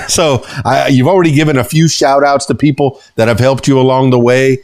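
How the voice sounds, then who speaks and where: A man hosts a casual podcast interview, rambling along with plenty of pauses and fillers. His voice sits at a middle pitch. The sound is dry and close, with no echo. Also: fairly even intonation. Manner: warm-hearted, rambling, many uh fillers. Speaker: podcast host.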